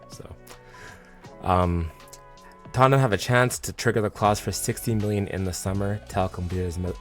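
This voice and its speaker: Low-ish guy doing a chatty football fan vlog, lots of um and like, quiet music behind. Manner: chatty and excitable, with many fillers and restarts. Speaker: football fan channel host. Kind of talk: casual vlog commentary.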